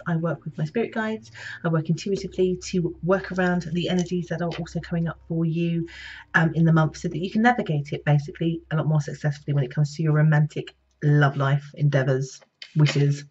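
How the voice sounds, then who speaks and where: A British psychic reader gives a casual, chatty horoscope reading, speaking directly to her viewers in a conversational way. Her fairly low voice is a little mellow with a breathy edge, stays fairly even in intonation, and moves fairly quickly, though the recording sounds muffled.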